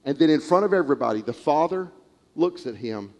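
Delivering a sermon at normal speed, a male preacher acts out the characters of a parable with lively storytelling energy. A large hall's long reverb follows every phrase of his voice, which sits high for a man.

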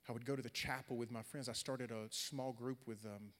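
A young adult man preaching a sermon, swinging from loud, animated storytelling to quiet, earnest talk. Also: medium pitch, fairly quick. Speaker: pastor. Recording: long hall reverb.

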